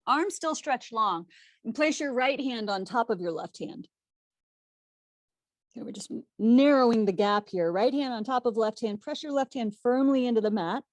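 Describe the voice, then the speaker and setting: A woman teaching a live online yoga class, giving calm, steady cues over a video call. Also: on the high side, moderate pace, no room sound. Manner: calm cueing with self-correcting laughs.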